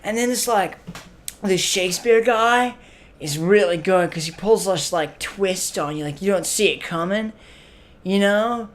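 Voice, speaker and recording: A laid-back comedy sketch monologue comes from an actor whose voice sits high and whose pace is measured. He plays a clueless, spaced-out young stoner hosting a comic web show, drawling with lots of fillers and tacking "man" on constantly.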